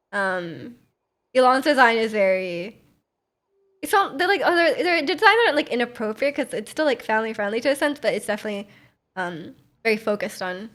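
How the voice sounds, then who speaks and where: Young woman streamer, chatty and rambling over gameplay, slightly high voice. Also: fairly bright tone. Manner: chatty and rambling, many fillers and restarts. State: clearing her throat. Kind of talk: casual live-stream chat over gameplay.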